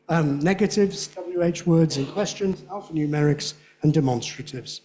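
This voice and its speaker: A man giving a conference lecture on speech. He talks in a chatty way, checks in with "yeah?" and says his examples slowly and clearly. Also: fairly high pitch, mellow. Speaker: guest lecturer on English phonetics. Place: lecture hall with an audience.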